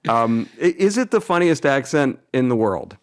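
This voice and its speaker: A man's voice: mid-range voice, very animated, moderate pace, a little hiss or hum. A man hosting a podcast, asking rambling questions with fillers and laughter. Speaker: podcast host. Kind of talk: casual interview.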